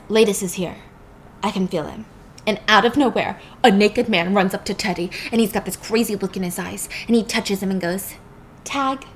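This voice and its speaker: A young woman casually retells a film in a chatty, slangy way, leaning hard on the big moments. Her voice sits fairly high. A faint hiss runs underneath. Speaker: storyteller. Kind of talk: casual movie recap.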